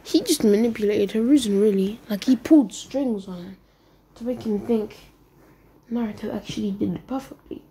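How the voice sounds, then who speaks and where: A woman's voice: mid-range voice, moderate pace, mellow, slight background noise. A woman improvising a fan-fiction retelling, rambling and stumbling over words, with frequent whispered asides. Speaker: storyteller.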